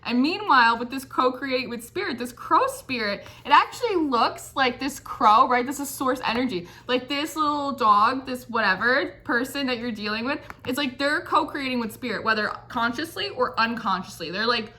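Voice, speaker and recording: A woman's voice: high voice, lively intonation, normal speed, hardly any pauses, pushed and bright. A woman giving a casual, chatty tarot reading, peppering her talk with "like" and giggling. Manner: chatty, says like constantly, giggly. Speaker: tarot reader.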